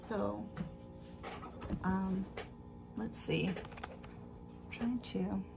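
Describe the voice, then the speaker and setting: A woman's voice: mid-range voice, vocal fry, noisy background. A woman hosting a sewing livestream. She chats casually and rambles, uses lots of fillers, and laughs often. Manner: rambling storyteller with filler words. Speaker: livestream host. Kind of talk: casual chat while sewing.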